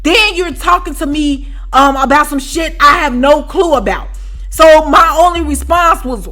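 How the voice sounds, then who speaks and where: A woman telling a story to her viewers in a casual, profane, animated way, often asking if you know what she's saying. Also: sits high, normal speed, soft background music. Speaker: storytime vlogger.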